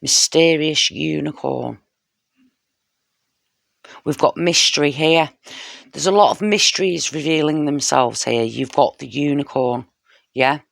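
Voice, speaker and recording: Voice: medium pitch, unhurried, gravelly, long pauses, a bit bright, no echo, studio quality. A tarot reader giving a casual spoken reading straight to the viewer, heartfelt and intimate, often checking in with "you know" and "yeah?".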